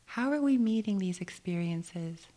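A woman meditation teacher giving a dharma talk on retreat, gentle and reflective, often asking questions and laughing easily. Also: medium pitch, animated, a little slow.

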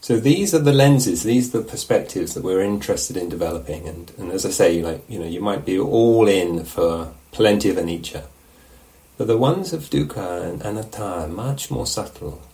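A man teaching meditation, giving a relaxed, musing dharma talk at a retreat and often checking in with his listeners. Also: low voice, moderate pace, rough recording. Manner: reflective, musing, asks questions of the listeners. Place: meditation hall.

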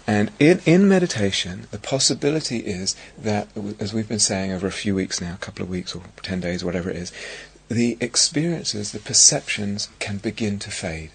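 Slow, gravelly-voiced man giving a dharma talk. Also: fairly low pitch, expressive. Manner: slow, searching, with many pauses and restarts. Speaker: meditation teacher.

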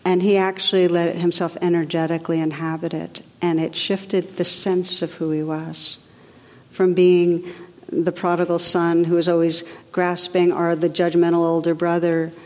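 A woman meditation teacher giving a spiritual talk in a gentle, reflective, unhurried way with soft drops in her voice. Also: lowish voice. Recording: long reverb of a large hall.

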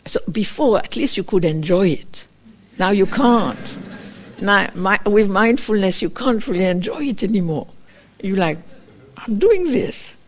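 A woman meditation teacher giving a dharma talk, telling a story gently and reflectively, often acting out her own inner voice in short quoted asides. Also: mid-range voice, unhurried. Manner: gentle, reflective, with frequent fillers like "kind of". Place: meditation retreat center.

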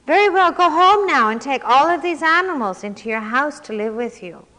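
A woman doing a serene wise rabbi, calm and gentle, bright tone, echoing hall. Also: high-pitched, moderate pace, pitched above the performer's own voice. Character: calm, wise older rabbi giving advice.

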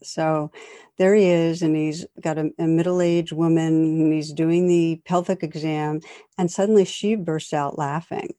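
A woman meditation teacher giving a calm, reflective dharma talk with gentle jokes. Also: low-pitched, measured pace, no room sound, studio quality.

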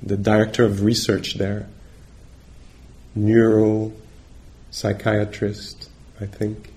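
A male meditation teacher giving a dharma talk on retreat, gentle and reflective, pausing often as he searches for words. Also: fairly low pitch, monotone. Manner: halting, searching for words with many pauses.

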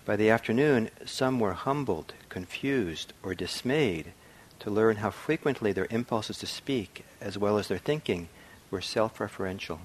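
Middle-aged male meditation teacher, low voice, reflective and unhurried, faint room hum behind him. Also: expressive. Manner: soft-spoken, reflective, with frequent ums and restarts. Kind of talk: dharma talk. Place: meditation hall.

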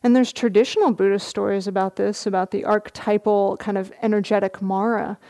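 A middle-aged meditation teacher speaks with a medium-pitched voice as she gives a dharma talk at a retreat, gently narrating a story and laughing softly.

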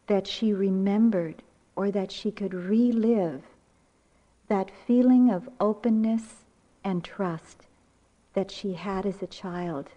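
An older woman giving a dharma talk as a meditation teacher, with reflective, unhurried storytelling. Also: fairly low pitch, dark tone. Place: retreat center meditation hall. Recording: muffled lecture recording.

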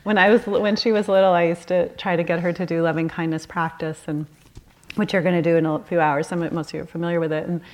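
A woman meditation teacher in her forties gives a retreat talk in a slightly low voice. She is candid and chatty, telling stories with easy laughs and quick self-corrections. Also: little pitch movement.

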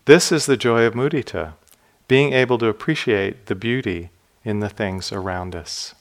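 A man with a fairly low voice gives a dharma talk in an unhurried, storytelling way. His tone stays gentle and reflective. The ends of his phrases sink quietly. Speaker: meditation teacher. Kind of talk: dharma talk with personal stories.

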